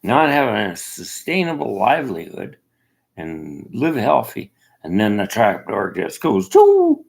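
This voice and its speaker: A man from Canada giving a rambling, opinionated monologue, swinging from loud outbursts to near-whispers. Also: fairly low pitch, big pitch swings, measured pace, creaky. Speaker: self-made video commentator. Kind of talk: casual monologue.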